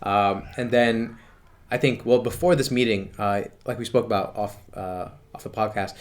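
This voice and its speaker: A man's voice: fairly low pitch, fairly even intonation, normal speed. A man co-hosting a podcast, chatting casually about politics and drawing sports comparisons. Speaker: podcast co-host.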